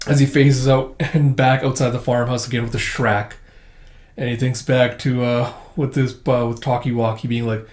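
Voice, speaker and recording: A man's voice: medium pitch, little pitch movement, normal speed, a little mellow. A man casually retelling a comic book in a loose, rambling way, in a roomy recording. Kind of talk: casual comic read-through. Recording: roomy echo.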